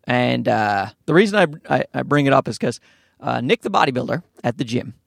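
A young man hosting a casual solo podcast from inside his parked car, ranting in a profane, rambling way and jumping up to high pitches. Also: animated, brisk, gravelly, dry recording, clean studio sound. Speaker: podcast host.

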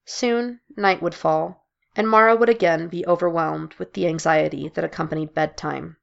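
Gravelly low-voiced woman narrating a story. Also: fairly even intonation, normal speed, dull audio. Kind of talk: scripted narration.

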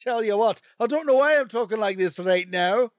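A man voicing a rowdy, jolly Scottish man with a thick put-on Scottish brogue and a high, laughing, drawn-out delivery. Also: animated, dry recording, lo-fi sound.

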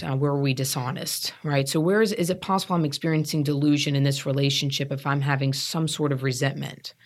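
A woman in her thirties, a guest telling her recovery story in an earnest, emphatic way, often repeating herself to stress a point. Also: low-pitched. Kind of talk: candid personal storytelling.

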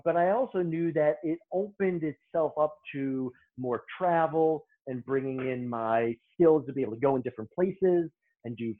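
Over tinny phone-line audio, a middle-aged hairstylist and beauty-industry guest with a medium-pitched voice swaps casual stories in a podcast interview. He's a lively anecdote-teller who acts out the lines people said.

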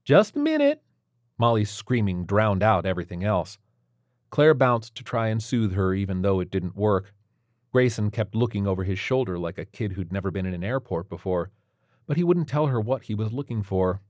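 A man narrating an audiobook in a steady, even storytelling manner. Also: fairly low pitch, normal speed, dry recording, studio quality.

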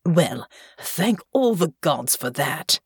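A woman's voice: deep voice, sing-song, slow pace, slightly rough, no echo, studio quality, exaggerated voice. A woman narrator voicing a doting, fretful older noble father in an audiobook.

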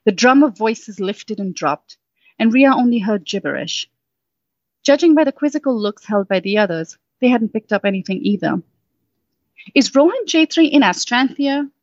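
A woman summing up her story, then reading it aloud as storybook narration in a soft, unhurried way. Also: mid-range voice, expressive, dry recording. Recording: dull, dry sound.

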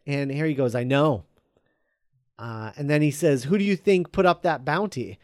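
A man's voice: a little high, normal speed, no room sound, studio quality. A man chatting casually, retelling a script scene by scene with many fillers and quoted lines. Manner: rambling with many fillers, quoting characters in a flat relaying voice.

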